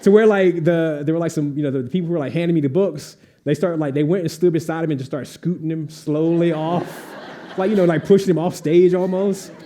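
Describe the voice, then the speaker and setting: A man's voice: on the high side, a little fast. A young adult man telling a comic anecdote at a live author event, acting out the voices of the people in it and laughing often. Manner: animated storyteller, acts out voices, laughs often. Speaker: author on a panel.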